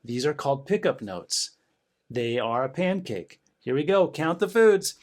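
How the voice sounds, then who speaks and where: A man's voice: medium pitch, lively intonation, unhurried. A middle-aged man giving a band lesson, encouraging students and counting rhythms aloud with bursts of cheering. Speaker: band director. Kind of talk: music lesson demonstration.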